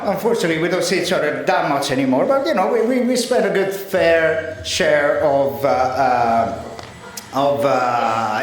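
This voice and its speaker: Italian-accented man in his forties, best man speech, joking and halting, slightly high voice, very echoey hall, crowd of guests behind. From Italy. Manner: joking, teasing, hesitant with many fillers. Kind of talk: wedding speech. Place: large wedding reception room. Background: guests laughing and murmuring.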